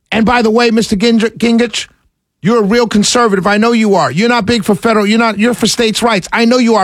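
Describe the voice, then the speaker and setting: A male talk radio host rants with heat and often raises his voice, speaking right into the studio mic. His voice sits very high with a gravelly edge. The sound is dry and close, with no room echo. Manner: passionate, ranting, raises voice when angry.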